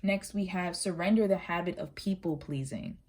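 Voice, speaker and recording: A woman with a fairly low voice talks through a tarot reading in a relaxed, chatty way. She is earnest and direct with the listener, and at times her words tumble out quickly. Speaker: tarot reader. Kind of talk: casual spoken tarot reading.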